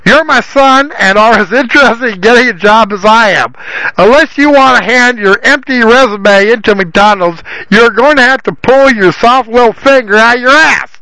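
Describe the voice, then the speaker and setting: A man voicing a decrepit but loud old father who scolds his son. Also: extremely high pitch, normal speed, no room sound, heavily acted, poor audio. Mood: scolding. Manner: bellowing, scolding.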